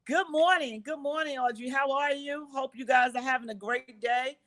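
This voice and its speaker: A woman's voice: sits high, moderate pace, a bit bright. A woman in her fifties, a guest on a live-stream interview, talking in an effusive, emotional way and repeating phrases for emphasis. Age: 50s. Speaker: guest business owner.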